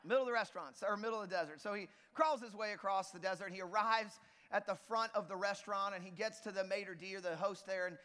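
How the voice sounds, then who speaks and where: High-pitched pastor guy giving a sermon, playful, big echoey church. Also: quick pace. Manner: lively, joking with the congregation. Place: church auditorium. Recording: long reverb of a church hall.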